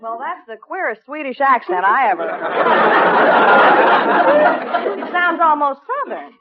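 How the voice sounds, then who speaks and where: A woman's voice: sits high, big pitch swings, unhurried, a loud crowd, very noisy. An actress playing a nosy, sly showgirl with a knowing way of talking. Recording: lo-fi old radio with audience.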